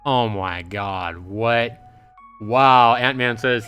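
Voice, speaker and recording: A man streaming a visual novel, reading the text aloud into a close mic and breaking into excitable outbursts. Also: fairly low pitch, slow, clean tone, soft background music. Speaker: game streamer.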